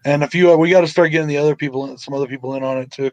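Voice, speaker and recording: A man's voice: a little high, fairly even intonation, racing, darkish tone, no room sound, highs cut off. A man co-hosting a podcast, rambling casually and swearing while he hunts for names. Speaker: podcast co-host. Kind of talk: casual chat.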